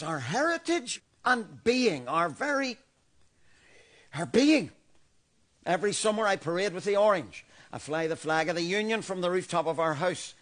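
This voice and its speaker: Brief: an older Belfast man, Belfast accent, stiffly pompous, fairly high voice. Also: a bit bright. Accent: Northern Irish, Belfast. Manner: defensive, pompous, insistent. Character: older male Belfast loyalist, rigid, defensive. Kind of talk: stage play acting.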